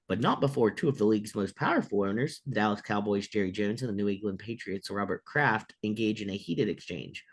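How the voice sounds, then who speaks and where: A man with a lowish voice co-hosts a laid-back sports chat. He reads out league news and then rambles through his takes, stuffing his sentences with "like" and "you know". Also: slightly rough. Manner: rambling, filler-heavy, lots of "like". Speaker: co-host. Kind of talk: casual sports talk, reading news items.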